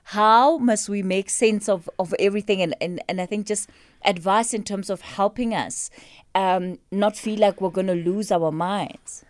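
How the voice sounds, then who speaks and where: A woman's voice: mid-range voice, measured pace, dry recording, clean studio sound. Cheerful woman radio host. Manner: chatty, cheerful, asks long rambling questions. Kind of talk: radio studio interview. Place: radio studio. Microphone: studio microphone.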